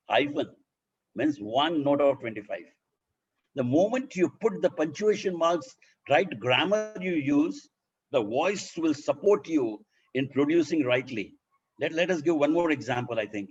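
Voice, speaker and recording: A fairly high, husky male voice with an Indian accent, teaching how to speak in public. He explains step by step and voices sample sentences to show his points. The sound is muffled and lo-fi. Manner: demonstrative, illustrates points by voicing example sentences. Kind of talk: instructional talk.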